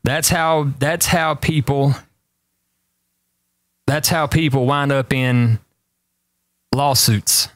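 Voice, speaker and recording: Rambling host, dry sound. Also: male voice, mid-range voice, steady tone, takes it slowly, pauses often, a bit bright, no echo. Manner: rambling, emphatic, repeats warnings for effect. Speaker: talk show host. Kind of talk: casual storytelling chat.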